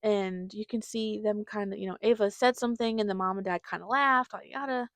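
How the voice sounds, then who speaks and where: A woman's voice: medium pitch, steady tone, a little fast, no echo. A woman hosting a podcast, telling a rambling, chatty story and acting out what her family said. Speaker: podcast host. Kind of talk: casual storytelling monologue.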